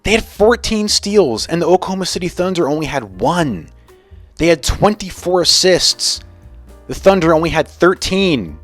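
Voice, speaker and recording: Animated young man ranting about basketball. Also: fairly high pitch, normal speed, soft background music. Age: young adult. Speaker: sports video host. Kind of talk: casual sports commentary vlog.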